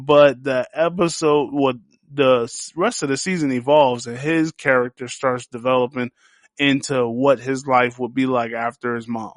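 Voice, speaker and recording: Man podcast host, higher voice, casual profane series recap, dry close sound. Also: no echo. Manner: animated, profane storytelling that acts out quotes. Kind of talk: casual solo TV series review.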